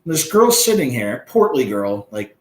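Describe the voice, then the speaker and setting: A man's voice: medium pitch, sing-song, moderate pace, reverberant. A man hosting a podcast, telling stories in a blunt, profane way as a coach. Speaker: dating coach podcast host. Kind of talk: casual podcast chat.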